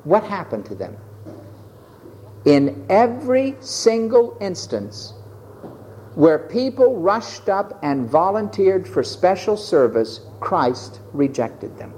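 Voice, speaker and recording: A male preacher delivers a sermon with dramatic energy. His pitch swings widely from low to high, and he acts out each scene as he goes. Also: sing-song, slow, darkish tone, a little hiss or hum.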